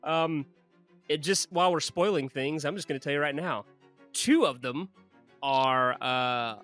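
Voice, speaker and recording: A young man co-hosting a movie podcast, animated and jokey, laughing often as he chats. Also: a little high, a little slow, soft background music. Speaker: podcast co-host. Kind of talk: casual movie podcast chat.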